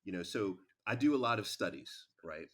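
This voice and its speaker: Lively low-voiced man talking relationships. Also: brisk. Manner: animated, repeats words for emphasis. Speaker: relationship expert guest. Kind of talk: casual chat.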